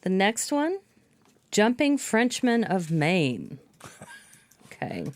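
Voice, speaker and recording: A woman co-hosting a podcast, reading topic notes aloud in a measured way. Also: medium pitch, sing-song. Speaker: podcast co-host.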